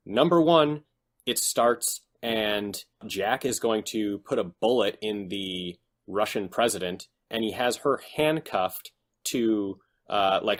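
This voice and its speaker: A man co-hosting a casual podcast, retelling scenes in an animated, exaggerated way. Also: on the low side. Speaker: podcast co-host. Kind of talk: casual chat.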